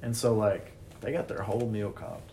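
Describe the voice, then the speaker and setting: A man's voice: lowish voice, moderate pace, rough recording. Laid-back, swearing man, faint background hum. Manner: relaxed, profane, fillers like "like". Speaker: restaurant server. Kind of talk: casual chat.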